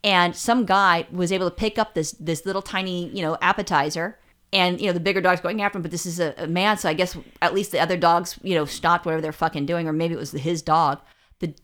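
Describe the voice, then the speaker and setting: A woman's voice: lowish voice, fairly even intonation, a little fast, a bit bright. A woman co-hosting a casual chat, telling blunt, profane stories with lots of restarts. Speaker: podcast co-host.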